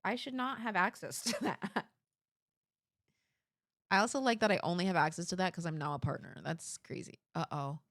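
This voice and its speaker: A woman streamer reacting casually and excitedly to a video. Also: lowish voice, normal speed, long pauses. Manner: animated, exclaiming, laughing.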